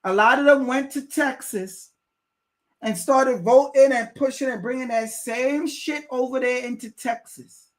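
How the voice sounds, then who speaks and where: A man's voice: extremely high pitch, unhurried. A man reacting to a news clip on a live stream, preaching at his viewers and repeating himself to drive each point home.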